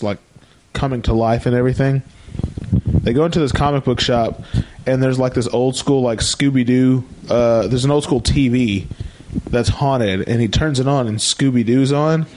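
A man chats casually as a podcast co-host. His voice sits at an ordinary middle pitch, and he retells cartoon scenes with animated energy. A faint hiss runs under the recording. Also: normal speed. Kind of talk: casual chat.

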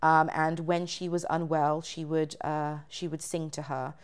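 Her voice is low and smooth, level in tone and unhurried, as this podcast host spins a ghost story in a chatty, filler-heavy way.

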